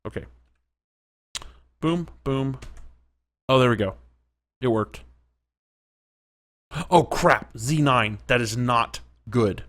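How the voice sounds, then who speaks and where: A man talks through his game as he plays, reacting aloud to each surprise. His voice sits in an ordinary middle pitch and is conversational, and now and then he hushes to a whisper. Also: slow pace, long pauses. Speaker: gaming commentator. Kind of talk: let's play commentary.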